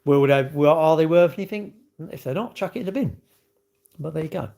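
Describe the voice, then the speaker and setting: A man's voice: fairly high pitch, brisk, gravelly, a little mellow. A middle-aged man with a British accent, rambling bluntly in slangy casual chat while answering a livestream chat.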